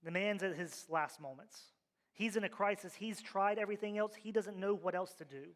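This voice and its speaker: A man's voice: high voice, normal speed, fairly bright tone. A male pastor preaching a sermon, with emphatic, rhythmic repeated refrains, in a church sanctuary. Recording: long reverb of a large hall.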